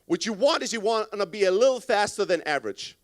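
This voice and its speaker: A man's voice: high voice, lively intonation, fast. A man in his thirties speaking on a conference stage into a microphone, blunt and profane, acting out callers as he goes. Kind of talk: energetic stage talk.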